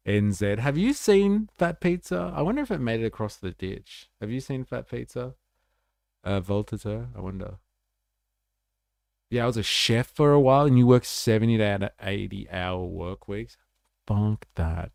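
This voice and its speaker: A low-voiced Australian man talks casually as a livestream host, with a gravelly, creaky edge to his voice. He rambles in loose, slangy commentary packed with fillers. The sound is close and dry, with no room in it. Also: no echo.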